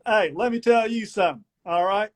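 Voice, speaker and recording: A man's voice: high-pitched, fairly quick, background noise, pitched above the performer's own voice, lightly acted. A man putting on a blustering country man with a drawling, declaiming delivery. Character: blustering Southern country man giving a speech.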